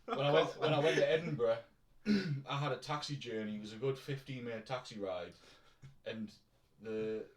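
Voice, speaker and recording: A man with a North East English accent co-hosting a podcast, chatting and joking in a relaxed way. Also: medium pitch, moderate pace. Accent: North East English, between Newcastle and Durham. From North East England. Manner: chatty, jokey, laughs often. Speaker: podcast co-host. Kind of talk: casual chat. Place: room at home. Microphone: shared microphone from a distance. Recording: echoey room, mic at a distance.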